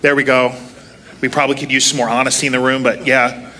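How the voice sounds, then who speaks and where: A man's voice: mid-range voice, little pitch movement, fast, bright, forceful tone, a little hiss or hum. A man in his thirties preaching a casual sermon while seated, self-deprecating and joking as he tells stories. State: walking with a limp, sitting to preach.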